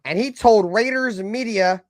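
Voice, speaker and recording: A high-voiced man rants like a heated sports fan, cursing constantly and lurching from loud bursts to low mutters. His voice sounds close and dry, with no room around it. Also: a little slow, no room sound. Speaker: live stream host. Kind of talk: profane fan rant.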